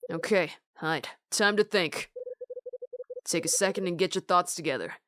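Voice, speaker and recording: Woman doing a gruff weary male detective. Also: lowish voice, normal speed, background noise, pitched below the performer's own voice, natural voice. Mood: stunned.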